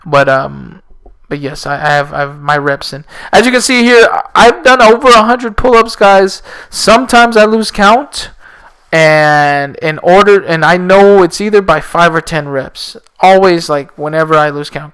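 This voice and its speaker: A man's voice: on the high side, normal speed, fairly bright tone, clean tone. A man who teaches and hosts a fitness podcast, talking casually in a rambling, sarcastic way. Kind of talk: casual solo podcast talk.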